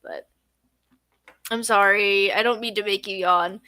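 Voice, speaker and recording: A woman's voice: mid-range voice, steady tone, unhurried, bright, forceful tone, no room sound. A tired young woman chatting casually on a late-night livestream at home, yawning and drowsy. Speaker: streamer.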